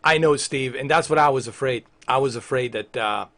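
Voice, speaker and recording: A man's voice: mid-range voice, fairly quick. A man chatting casually on a livestream, ranting at his viewers with lots of swearing. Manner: animated, profane ranting at viewers.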